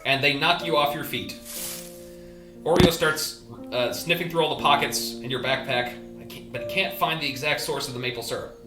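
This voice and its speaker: A man narrating a tabletop game as game master, animated and laughing as he describes events. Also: fairly high pitch, moderate pace, roomy sound, loud music behind the voice.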